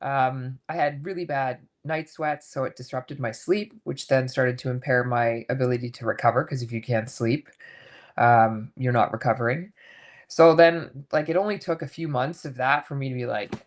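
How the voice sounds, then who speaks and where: A woman in her fifties, a coach and podcast guest, telling her story in a candid, animated way and swearing casually. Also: very deep voice, moderate pace. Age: 50s.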